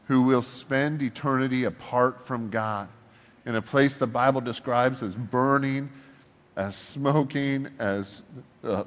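Animated pastor preaching in a reverberant hall. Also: male voice, medium pitch. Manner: animated, humorous, acts out prayers to God in a shifting voice. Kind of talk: casual conversational sermon. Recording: long reverb of a large hall.

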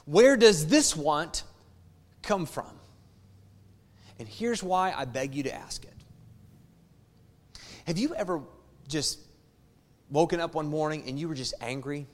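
High-voiced preaching man in a reverberant church. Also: expressive, takes it slowly, long pauses. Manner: repetitive, emphatic preaching with rhetorical questions. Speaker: pastor. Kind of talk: sermon.

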